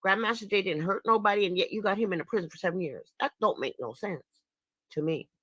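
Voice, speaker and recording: A woman speaks out on a livestream, indignant and emphatic, often laughing with scorn at her detractors. Her middle-pitched voice sits close to a dry microphone. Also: fast talker, fairly bright tone, no room sound. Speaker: online commentator and activist. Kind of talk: casual livestream commentary.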